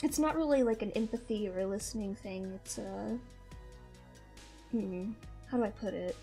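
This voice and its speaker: A woman's voice: mid-range voice, moderate pace, gravelly, warm tone. A young woman with a mixed Midwestern and Southern American accent, chatting casually as a stream host, rambling and laughing often, with faint music behind her. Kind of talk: casual chat.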